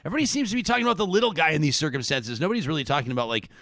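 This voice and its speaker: A man's voice: on the high side, animated, racing, gravelly, a bit bright, no room sound, clean studio sound. A Canadian man co-hosting a podcast, chatting casually about the news with a rambling, conversational manner. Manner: conversational, rambling with restarts and fillers. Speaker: podcast co-host.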